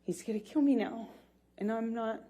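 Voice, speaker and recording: A woman testifying as a witness in a courtroom, speaking haltingly and shaken, with many restarts and her voice often dropping low. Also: dark tone, husky. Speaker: trial witness.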